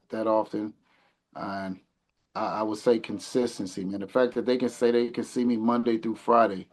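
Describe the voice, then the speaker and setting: A man in his forties, a podcast guest and community mentor, talking earnestly and reflectively in a casual conversation, often trailing off quieter. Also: lowish voice. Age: 40s.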